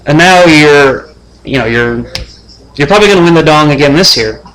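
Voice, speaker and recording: A young man hosting a mock sports-show preview as his fantasy football league's commissioner, trash-talking the other players in a deadpan way. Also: a little high, moderate pace, rough recording.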